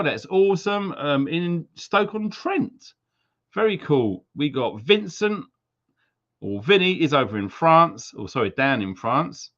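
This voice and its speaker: A livestream host from Wales, whose voice is a little high and fairly bright, jokily calls out viewers' names and where they're from. Silly accents creep in as he chats, and the lo-fi stream audio is slightly dull.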